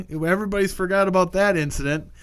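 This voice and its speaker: A man's voice: high voice, fairly quick, clean tone, dry recording. A man co-hosting a casual movie review podcast, rambling and profane, slipping into silly voices for the characters. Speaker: podcast co-host.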